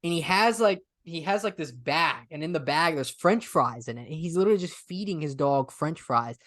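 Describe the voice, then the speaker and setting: A man's voice: a little high, animated, moderate pace, a bit bright, no room sound. A young man co-hosting a casual podcast, rambling with lots of "I mean" and "literally". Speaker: podcast co-host. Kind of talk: casual chat.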